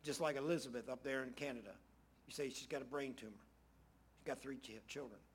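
A man preaching in a loose, homespun way. His voice sits at an ordinary middle pitch, and he circles back on his phrases to drive a point home. He sounds like he is talking the Bible through with his congregation. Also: fairly quick, breathy edge. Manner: folksy and conversational, repeats phrases for emphasis. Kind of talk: casual sermon.

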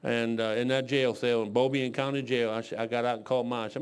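A man's voice: mid-range voice, level tone, quick pace, clean tone. A man in his sixties from Detroit, preaching a folksy sermon full of rambling, joking stories. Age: 60s.

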